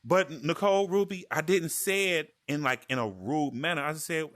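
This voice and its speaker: Male podcast host, lively and bright, slightly high voice, stammering storyteller. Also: normal speed, hardly any pauses. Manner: animated, acts out quotes, stammering restarts. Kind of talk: casual storytelling chat. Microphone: VR headset mic.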